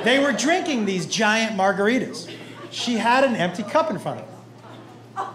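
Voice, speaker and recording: A male stand-up comedian telling animated, crude stories on a club stage into a handheld mic. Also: high-pitched, unhurried. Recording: echoey comedy club with loud crowd.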